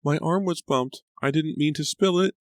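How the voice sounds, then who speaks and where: Guy doing a shy little maid, meek and squeaky, dry close sound. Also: normal speed, dry recording, natural voice. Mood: meek, frightened. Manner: meek, high and small. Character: timid young maid girl.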